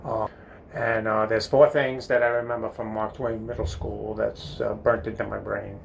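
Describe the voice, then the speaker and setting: Older New man, gravelly and rambling. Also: lowish voice, flat delivery, moderate pace, a little hiss or hum. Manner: meandering, filler-heavy, chuckling at himself. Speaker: comedic storyteller. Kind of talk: rambling storytelling monologue. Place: bathroom.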